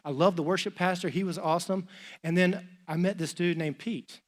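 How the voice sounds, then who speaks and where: Middle-aged male pastor on a church stage with a slightly high voice, easygoing, talky delivery and dialogue he acts out. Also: a little fast. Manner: lively, chatty, acts out dialogue with many "like"s. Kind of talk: storytelling sermon.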